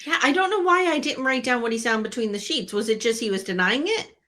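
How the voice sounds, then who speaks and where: Brief: woman guest co-host, higher voice, quick agreeing asides. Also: expressive, fairly bright tone. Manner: short agreeing replies and asides. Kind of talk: casual recap chat.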